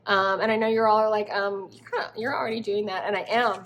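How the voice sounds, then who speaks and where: A woman's voice: mid-range voice, fairly even intonation, a little fast, fairly bright tone. A woman doing a spiritual tarot reading, effusive and affectionate, often exclaiming as she turns the cards. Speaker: tarot reader.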